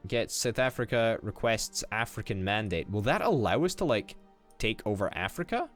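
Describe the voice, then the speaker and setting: A young man casually commenting on a strategy game as he plays, excitable, swearing and thinking out loud. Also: fairly low pitch, moderate pace, faint music behind. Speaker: gaming YouTuber.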